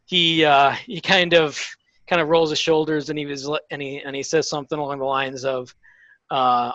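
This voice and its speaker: Guy running a tabletop game, lots of ums, bright tense voice, dry dull mic. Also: on the high side, fairly even intonation, no room sound. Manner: halting, many fillers. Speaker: game master.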